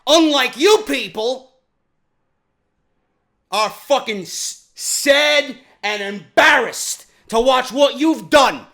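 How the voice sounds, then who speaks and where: A man from New York tears into a wrestling show in a profane rant. His voice sits very high and sounds sharp and bright, and he hammers the same questions again and again, rising to shouts. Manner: profane, heated, repeats questions, often shouting. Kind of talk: ranting show review.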